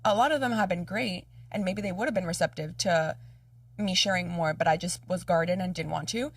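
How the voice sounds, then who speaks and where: Lower-voiced woman podcast host. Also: brisk, no room sound, studio quality, far from the mic. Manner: open, affirming, short agreeing replies. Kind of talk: casual chat.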